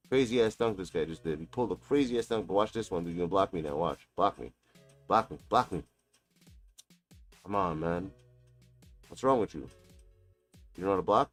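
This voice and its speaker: A man's voice: low voice, expressive, brisk, pauses often, faint music behind. A man streaming a basketball video game, taunting and mocking his opponent with a profane, trash-talking manner. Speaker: gaming streamer. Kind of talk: live gameplay trash talk.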